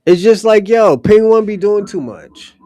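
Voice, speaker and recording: This livestream host answers his chatters directly in a blunt, profane, casual rant. He speaks in a high, mellow voice at an unhurried pace. The recording is dry.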